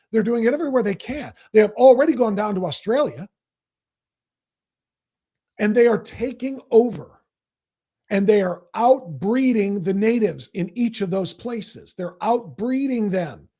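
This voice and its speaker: A man hosting a political talk show, delivering an emphatic, repetitive monologue that builds to forceful outbursts. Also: sits high, husky. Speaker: podcast host.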